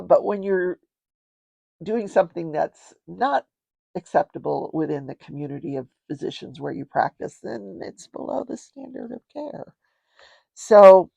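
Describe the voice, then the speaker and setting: Gravelly older woman recapping a trial. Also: lowish voice, mellow, no echo. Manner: chatty, digressive, explains legal terms plainly. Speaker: host. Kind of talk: casual trial recap while crafting.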